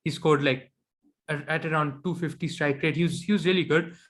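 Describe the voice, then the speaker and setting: Opinionated man talking cricket, higher voice. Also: fairly even intonation, a little fast, fairly bright tone. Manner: opinionated, analytical. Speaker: cricket podcast co-host. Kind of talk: casual sports chat.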